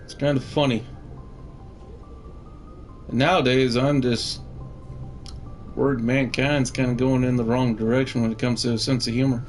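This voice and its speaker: A man's voice: mid-range voice, level tone, moderate pace, long pauses, faint music behind. A man giving casual, rambling gameplay commentary, swearing freely and laughing often. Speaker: gamer, channel host.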